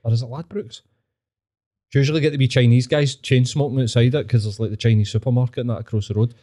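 A Glaswegian man talking in a loose, sweary podcast chat. His voice is mellow and warm, and he laughs a lot and slips into impressions of people he has met. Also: medium pitch, steady tone, quick pace. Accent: Glaswegian Scottish. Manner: swearing storyteller, laughs often, mimics people. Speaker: podcast host. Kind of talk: casual chat.

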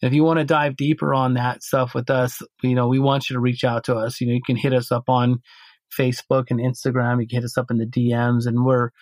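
A man's voice: medium pitch, a little fast, no room sound. Rambling male podcast storyteller, dry sound. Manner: rambling, animated, with many restarts and fillers. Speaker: podcast co-host.

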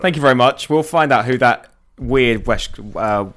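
A man co-hosting a comedy podcast, giggly and animated. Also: mid-range voice, moderate pace. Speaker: podcast co-host. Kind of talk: casual comedic banter.

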